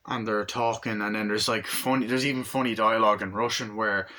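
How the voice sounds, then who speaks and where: A man casually reviewing an action movie, rambling with excitement and swearing a lot. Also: fairly low pitch, fairly quick. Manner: excited, profane, rambling, acts out scenes.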